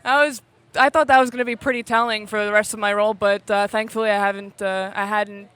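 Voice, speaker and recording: A woman, an actress in a short film, talking in a rambling, halting way with frequent laughs at a red carpet interview. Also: mid-range voice, fairly even intonation, a bit bright, clear, resonant tone. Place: outdoors at a premiere.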